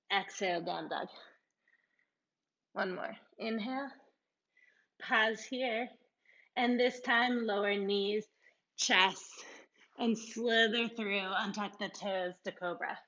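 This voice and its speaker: A woman guiding a yoga class, giving calm, encouraging cues and laughing now and then, sometimes a little out of breath. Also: medium pitch, dull audio. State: out of breath at times. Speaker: yoga instructor.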